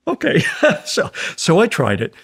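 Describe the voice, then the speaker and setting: Gravelly older man telling war stories. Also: a little high. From United States. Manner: rambling, chuckling, acts out quoted voices. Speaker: guest, war veteran. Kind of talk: casual storytelling.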